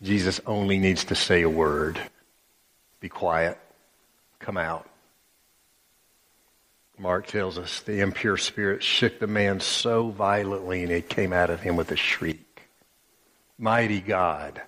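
A man's voice: low-pitched, fairly even intonation, moderate pace, hardly any pauses, a bit bright, long reverb tail. A male pastor preaching a sermon with emphatic, dramatic storytelling.

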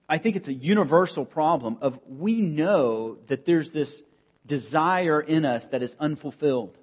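A man preaching a sermon as pastor, earnest and emphatic, with pauses and rising emphasis. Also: a little high.

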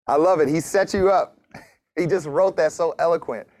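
A man's voice: a little high, darkish tone, dry recording, clean studio sound. A man preaching a casual sermon, reading scripture and joking with his congregation. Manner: casual, joking preaching with laughs and acted asides. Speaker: pastor.

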